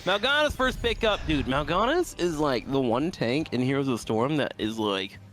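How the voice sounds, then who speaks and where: A man co-casting a video game match, excitable and teasing, laughing often. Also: a little high, moderate pace, soft background music. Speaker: esports co-caster. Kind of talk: esports commentary.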